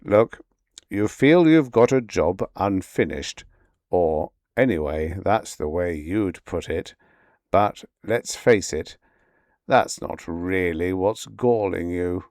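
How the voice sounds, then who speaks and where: A man voicing a businesslike male personnel manager in a read-aloud story, calm and persuasive. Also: sits low, takes it slowly, dry recording, studio quality. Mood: reasoning. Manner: enthusiastic, reasoning.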